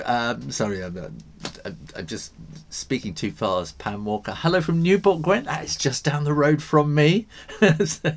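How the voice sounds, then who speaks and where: A man's voice: mid-range voice, a bit bright. An English man hosting a live drawing stream, chatting casually, reading out viewer comments and laughing often. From England.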